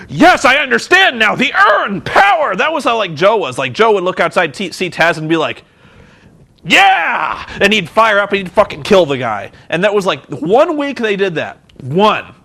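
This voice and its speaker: A man giving a casual, sarcastic wrestling recap, swearing freely and acting out scenes. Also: high-pitched. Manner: excitable, profane, sarcastic, acts out scenes. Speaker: vlogger reviewing wrestling. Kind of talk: casual commentary.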